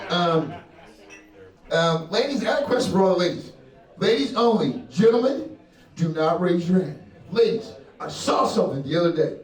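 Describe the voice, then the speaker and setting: With a high, slightly mellow voice, a young stand-up comedian plays to the crowd in a comedy club, swearing and brashly laughing at his own jokes. The audio comes from a distance in a roomy live venue with the crowd heard.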